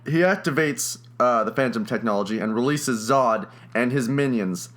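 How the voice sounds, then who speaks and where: A young man co-hosts a casual comedy podcast, walking through a movie plot in his own rewrite. His voice is bright and pushed forward, and he laughs easily while he talks. He fills gaps with ums and uhs as he goes. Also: medium pitch, moderate pace. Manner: chatty, laughs often, many fillers. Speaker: podcast co-host.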